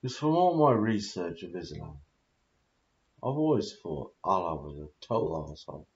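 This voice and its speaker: A man's voice: deep voice, very animated, moderate pace, reverberant. A British man in his thirties, talking in a rambling, confused, confessional monologue full of swearing. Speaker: vlogger. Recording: dull lo-fi audio.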